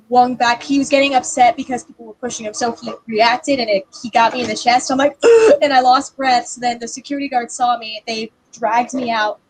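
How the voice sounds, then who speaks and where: High-pitched woman chatting on a livestream, animated, over a video call. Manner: animated storyteller, acts out quotes. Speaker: livestream co-host. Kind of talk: casual livestream chat.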